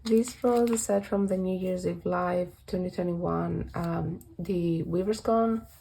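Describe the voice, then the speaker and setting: A woman's voice: lowish voice, steady tone, unhurried, creaky, mellow, slightly rough, low-quality recording. A woman chatting casually as she flips through her collection binders, rambling and correcting herself with little laughs, her voice a bit worn as she is losing it. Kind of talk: casual vlog walkthrough.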